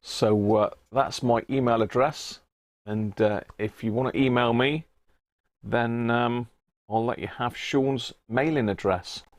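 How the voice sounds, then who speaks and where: A man's voice: medium pitch, slow pace, no echo. A middle-aged man hosts a casual live stream from his home workshop, chatting, greeting viewers by name and chuckling often. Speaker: livestream host.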